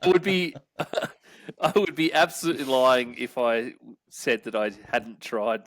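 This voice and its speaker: A man's voice: mid-range voice, steady tone, a little slow, a bit bright, no room sound. A man with an Australian accent hosting a casual podcast chat, loose and rambling, swearing and laughing freely. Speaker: podcast host.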